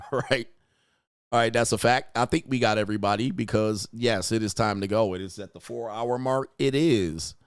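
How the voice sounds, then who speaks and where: A male livestream host in a loose, profane ranting style, laughing at his own jokes and mocking as he goes. His voice sits mid-pitch and sounds close and dry, with no room around it. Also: moderate pace, clear, resonant tone, no room sound. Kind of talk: casual livestream commentary reading superchats.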